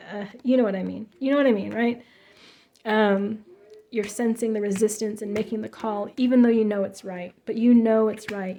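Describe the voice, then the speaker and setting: A woman's voice: mid-range voice, warm tone. A woman giving a casual tarot reading in an emphatic, chatty way, full of fillers and restarts. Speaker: tarot reader.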